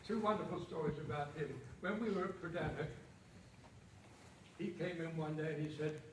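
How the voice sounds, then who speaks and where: A man's voice: fairly high pitch, normal speed. A man in his nineties giving a public talk in a theatre hall and telling anecdotes with quoted dialogue. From England. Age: 90s. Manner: chatty storytelling with quoted dialogue. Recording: echoey hall, distant mic, noisy.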